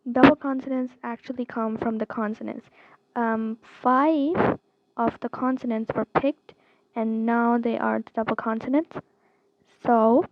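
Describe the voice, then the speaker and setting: Woman, teacher, unhurried, fry in voice, repeats sounds, casual online lesson, dull lo-fi audio. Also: on the high side, dry recording. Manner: slow, repeats each sound, many fillers. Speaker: language teacher.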